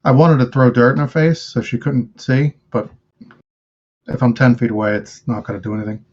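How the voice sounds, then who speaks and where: A man's voice: medium pitch, fairly quick, darkish tone, dull audio. A man playing in a tabletop game, politely asking about rules and declaring his actions. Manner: polite, asks rules questions. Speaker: player. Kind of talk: casual tabletop game play.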